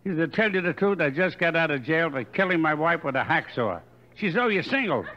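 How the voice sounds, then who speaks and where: An older man doing stand-up comedy on a hotel stage, firing off quick deadpan one-liners into a stage microphone. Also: on the high side. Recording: dull live recording, faint room ambience.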